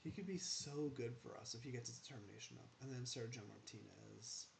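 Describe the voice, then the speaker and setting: Gravelly man rambling over gameplay. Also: mid-range voice, a little fast, a little hiss or hum. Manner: rambling asides, talks back to the game. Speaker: gaming channel host. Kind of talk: casual gameplay commentary.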